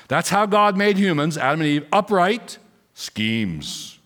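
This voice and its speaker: A man preaching an expository sermon, emphatic and full of rhetorical questions, slowing down to read scripture. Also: a little high, sing-song, a bit bright.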